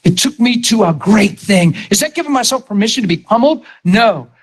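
A man preaching a sermon, telling his own story, dropping to a hush and then raising his voice to drive a point home. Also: high voice, animated, a little fast, a little hiss or hum. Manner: testimony swinging from hushed to raised voice.

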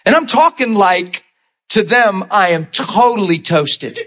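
A man telling a personal story in an excitable, animated way, jumping into high exclamations. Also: unhurried. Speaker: storyteller giving a testimony.

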